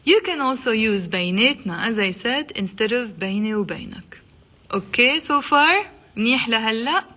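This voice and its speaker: A woman with a fairly high voice leads a live online language class. She says each phrase slowly and repeats it several times. She keeps asking her viewers to say it aloud along with her. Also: expressive, bright, forceful tone. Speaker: Arabic teacher.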